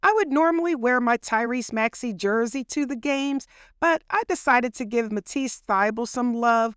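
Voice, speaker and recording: A woman tells her own story in a relaxed, chatty way, talking straight to her listeners as if to friends. Her voice sits a little high, and the recording is dry and close, with no room sound. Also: smooth, no echo. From Philadelphia. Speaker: podcast host telling her own story. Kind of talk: casual personal storytelling.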